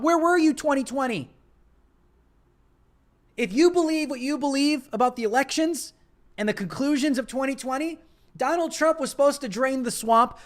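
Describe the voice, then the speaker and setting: A young man with a fairly high voice hosts a political commentary livestream. He talks with passion and drives each point home by repeating it. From United States. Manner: impassioned, emphatic repetition. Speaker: livestream host.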